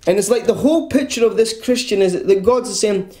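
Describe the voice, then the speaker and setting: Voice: mid-range voice, fairly quick, warm tone. Earnest preacher, roomy echo. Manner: earnest, repeats words when stressing a point. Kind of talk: evangelical sermon. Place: church.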